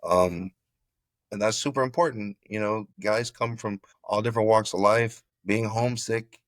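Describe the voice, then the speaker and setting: A middle-aged man from Florida, a former football player, telling his story in an interview with animated, repeated phrases. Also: on the low side, normal speed, no echo.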